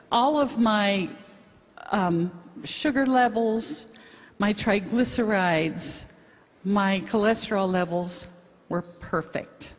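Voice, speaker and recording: A woman's voice: medium pitch, takes it slowly. A woman giving a cheerful testimonial to an audience, laughing often as she talks. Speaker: testimonial speaker. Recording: long reverb of a hall.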